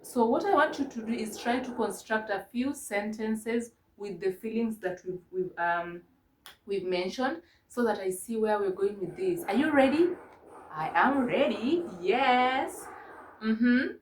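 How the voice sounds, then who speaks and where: A woman from Kenya teaching a mock English lesson to a young child, gentle and encouraging, spelling words out slowly. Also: on the high side, reverberant, a little hiss or hum. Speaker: online ESL teacher.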